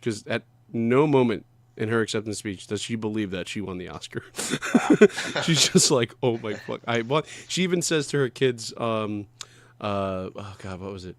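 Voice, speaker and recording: A man talks casually as a podcast co-host, wandering through his thoughts and swearing as he goes. His voice sits at an ordinary middle pitch. The sound is dry, with no room echo. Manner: rambling, swears often, loses names. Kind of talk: casual chat.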